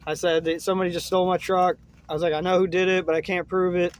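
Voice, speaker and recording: A young man casually telling a rambling story, filling it with "man" and "uh" and dropping low and soft at grim moments. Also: flat delivery, quick pace.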